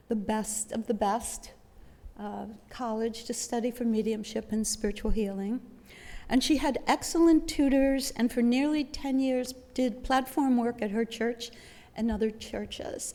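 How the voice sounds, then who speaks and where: A woman's voice: on the high side, mellow. A woman chairing a service, enthusiastically introducing the guest speaker and explaining her credentials with simple comparisons. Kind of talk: formal introduction. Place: large hall, indoors. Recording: long hall reverb, live room.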